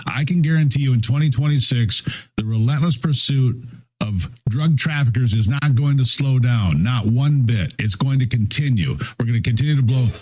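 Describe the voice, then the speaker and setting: A man's voice: medium pitch, normal speed, mellow, poor audio. A man in a played clip giving emphatic political commentary in firm declarative statements.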